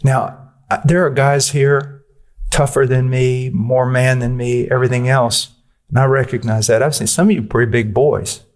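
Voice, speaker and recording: A male preacher delivers a sermon in a blunt, forceful, personal manner. His voice sits at a middle pitch for a man. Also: steady tone, normal speed.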